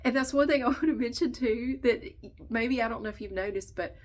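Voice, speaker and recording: A woman's voice: on the high side, fairly quick. A woman vlogger chatting casually, stuffy and nasal, short of breath, venting bluntly and swearing freely. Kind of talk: casual chat to camera.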